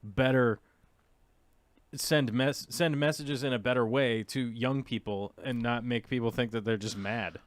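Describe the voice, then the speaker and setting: A man hosting a casual live talk show, rambling and animated with mocking asides. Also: mid-range voice, measured pace, no room sound. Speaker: podcast host.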